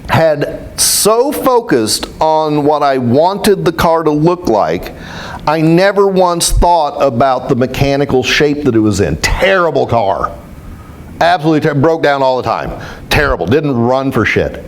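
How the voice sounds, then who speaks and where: A man speaking as a spiritual teacher, telling stories to a group in an animated, self-mocking way. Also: a little high, a little slow, a little hiss or hum. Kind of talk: storytelling talk to a group.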